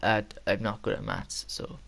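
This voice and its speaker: A man's voice: on the low side, sing-song, normal speed, gravelly, a bit bright. A young man telling a casual, rambling story with frequent laughter and casual swearing. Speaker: vlogger.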